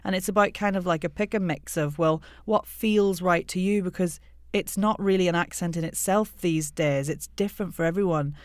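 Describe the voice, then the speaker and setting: A woman who works as a coach, explaining things in a clear, teacherly way as a podcast guest. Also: fairly low pitch, moderate pace, hardly any pauses, dry recording, clean studio sound. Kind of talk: casual interview chat.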